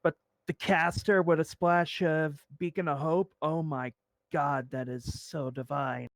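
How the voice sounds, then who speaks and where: A man's voice: on the high side, fairly even intonation, unhurried, dry recording. A man who is a guest on a podcast roundtable, sharing emphatic opinions. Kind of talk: casual roundtable chat.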